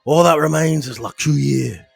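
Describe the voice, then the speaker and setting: Man putting on an enraged chef villain, loud shouty outbursts, gravelly, husky. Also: fairly high pitch, normal speed, faint music behind, full character voice.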